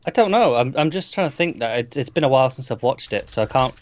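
A man co-hosting a casual movie review podcast, relaxed and easily agreeable, with dry asides. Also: mid-range voice, fast, no echo. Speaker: podcast co-host. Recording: dull, dry, lo-fi mic.

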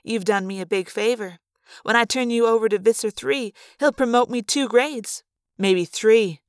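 A woman's voice: fairly high pitch, normal speed, clean tone, dry recording, studio quality, close to an everyday voice. A woman reading aloud, voicing a tense middle-aged woman who commands troops in a clipped, snapping manner. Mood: cold threat. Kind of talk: fan audiobook reading.

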